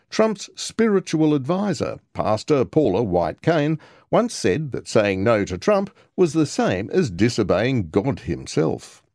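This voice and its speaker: A man's voice: mid-range voice, darkish tone, no room sound, studio quality. A man narrating a scripted news report as a reporter, with wry, sardonic commentary.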